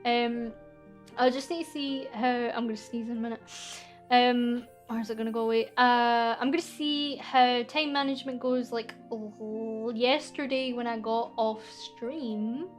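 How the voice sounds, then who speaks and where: High-voiced Scottish woman streamer. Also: steady tone, unhurried, soft background music. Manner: chatty, giggly, reads viewer comments aloud. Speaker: VTuber streamer. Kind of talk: casual Q&A stream chat.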